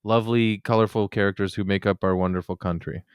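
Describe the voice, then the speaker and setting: A man co-hosting a podcast, telling relaxed, playful stories from a comedy tour in casual chat. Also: lowish voice, fast, smooth, dry recording, studio quality. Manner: relaxed storytelling with playful asides.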